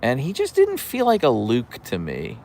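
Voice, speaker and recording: A man's voice: medium pitch, huge pitch swings, normal speed, darkish tone, a little hiss or hum. A man hosting a casual livestream from an outdoor deck, chatting and answering viewer comments into a camera on a tripod. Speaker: livestream host.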